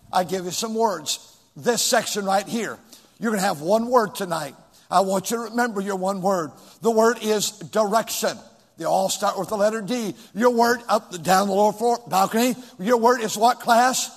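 High-voiced preacher man in a reverberant church. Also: normal speed. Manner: preaching with call-and-response, rising to shouts. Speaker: pastor. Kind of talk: sermon. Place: large church with balcony. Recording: long hall reverb.

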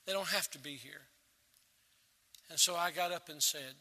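Bright-voiced preaching pastor in a reverberant church. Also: male voice, on the high side, normal speed, pauses often. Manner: earnest preaching with emphatic repetition. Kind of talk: sermon. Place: church sanctuary.

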